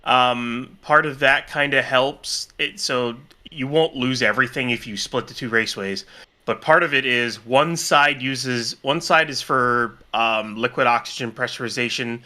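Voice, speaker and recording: A man's voice: mid-range voice, measured pace, pushed and bright. A man co-hosting a live stream, casually explaining technical details with frequent fillers and restarts. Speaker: co-host answering questions.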